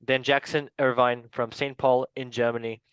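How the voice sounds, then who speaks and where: A man's voice: mid-range voice, little pitch movement, moderate pace, fairly bright tone, clean tone, no room sound, low-quality recording. A man hosting a casual football chat, playful and laughing often as he stumbles over player names. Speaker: podcast host.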